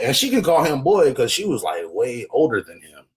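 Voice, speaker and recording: A man giving slangy, animated comedic commentary while reading a text aloud. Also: medium pitch, moderate pace, soft background music. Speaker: commentary host.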